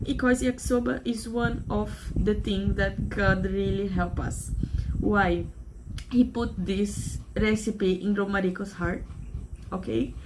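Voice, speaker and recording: A woman's voice: on the high side, a little hiss or hum. A Brazilian woman with a Brazilian Portuguese accent, a native Portuguese speaker, talking earnestly and emotionally in rambling English in a casual vlog to camera. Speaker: vlogger.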